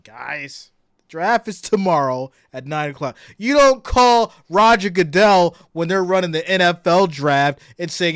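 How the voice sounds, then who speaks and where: A man hosting a casual sports live stream, loud and excitable, greeting chat viewers by name and swinging between shouted hype and low asides. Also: moderate pace, smooth, dry recording, clean studio sound. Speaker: sports livestream host.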